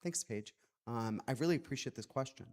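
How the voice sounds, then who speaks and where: A man's voice: mid-range voice, fairly quick, a little mellow. A man speaking as an author at a public book talk, earnest and reflective, with many "like" fillers.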